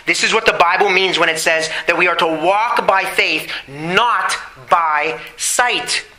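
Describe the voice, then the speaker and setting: Bright-voiced man preaching a sermon. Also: sits high, low-quality recording. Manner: preaching with rhetorical questions and emphatic slow phrases. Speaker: pastor.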